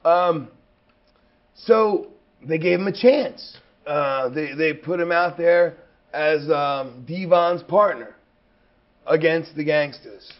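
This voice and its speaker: A man in his thirties, a pro wrestler in an interview, telling a story in an emphatic, profane, rambling way. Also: fairly high pitch. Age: 30s. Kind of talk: anecdotal storytelling. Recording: dull lo-fi recording.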